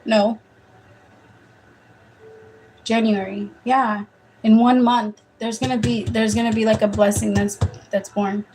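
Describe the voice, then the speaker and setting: A woman's voice: fairly high pitch, level tone, takes it slowly, pauses often, background noise. A woman giving a casual live-stream tarot reading, chatty and rambling, swearing offhand and laughing often. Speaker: tarot reader.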